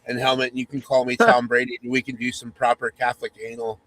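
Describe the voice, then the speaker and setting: A man voicing an eager, demanding young wife on her birthday, speaking in breathy demands. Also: medium pitch, monotone, quick pace, fairly bright tone, close to an everyday voice, poor audio.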